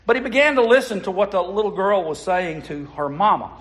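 A man's voice: high voice, lively intonation, a little fast, fairly bright tone. A man preaching a sermon, telling stories in a folksy way and putting asides to the congregation. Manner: folksy storytelling with audience asides.

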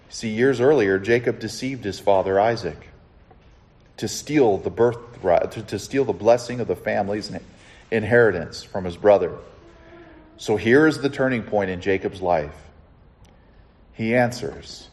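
A man preaching a sermon as pastor, speaking earnestly and dropping to a soft hush before lifting his voice to stress a point, often asking his listeners direct questions. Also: lowish voice, a little slow. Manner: earnest, drops to a soft hush then rises with emphasis.

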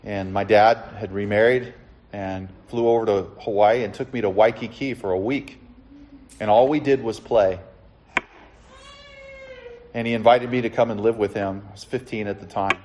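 A middle-aged man preaching a sermon, sharing his own testimony in an earnest storytelling way and slowing down to stress key lines. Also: fairly low pitch, fairly even intonation, darkish tone, slight background noise. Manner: earnest, storytelling, builds to emphatic slow lines. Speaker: pastor.

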